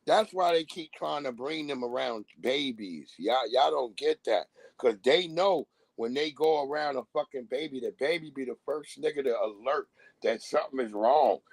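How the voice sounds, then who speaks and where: A man's voice: medium pitch, moderate pace, vocal fry, no echo, rough recording. A man on a live stream, ranting bluntly in casual talk and acting out the voices of people he quotes. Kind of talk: casual profane rant.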